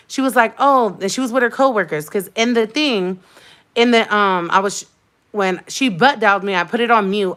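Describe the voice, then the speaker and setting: A woman's voice: medium pitch, a bit bright. A young woman talks straight to her viewers in a casual livestream chat. She recounts what happened with heated emphasis. She circles back and repeats her points to drive them home. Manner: heated, emphatic storytelling with repetition. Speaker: vlogger.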